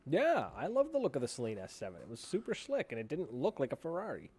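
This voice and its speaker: A man's voice: on the high side, huge pitch swings, quick pace, a little mellow, husky. A man co-hosting a paintball podcast in casual chat, rambling and blunt, swearing freely. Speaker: podcast co-host.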